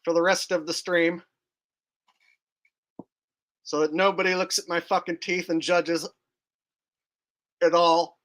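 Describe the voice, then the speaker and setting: A man's voice: high voice, flat delivery, measured pace, pauses often, bright, forceful tone. A man hosting a livestream, rambling and joking in casual, profane commentary. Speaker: streamer host.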